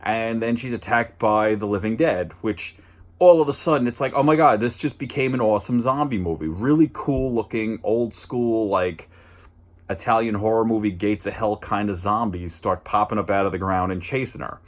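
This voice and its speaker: A man hosting a casual movie review, rambling and chatty, with restarts and dry asides. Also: moderate pace. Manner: jumps higher and louder when mimicking lines.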